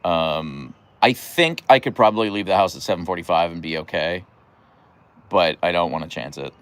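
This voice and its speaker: A man's voice: low-pitched, moderate pace, clear, resonant tone. A young man chatting casually on a livestream at home, rambling through stories and answering viewer comments. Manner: rambling and chatty, full of fillers and restarts. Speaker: dog owner livestreaming his huskies. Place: at home, on a deck by his dogs.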